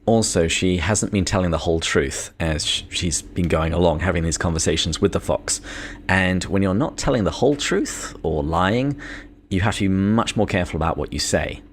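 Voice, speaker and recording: A British man with a very low, deep voice talks through a book on a podcast. He is measured and reads short passages aloud as he goes. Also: expressive, a little hiss or hum. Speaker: podcast co-host. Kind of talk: casual book discussion.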